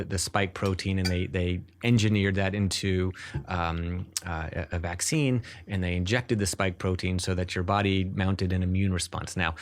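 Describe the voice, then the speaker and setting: A man speaking as a neurologist guest in an interview. He explains at length and in earnest, often restarting his sentences. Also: sits low.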